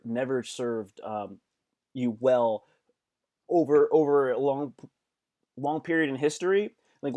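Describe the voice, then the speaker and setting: A man hosting a casual live stream as a comedian, talking to viewers by name in an animated, repetitive way, swearing freely. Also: medium pitch.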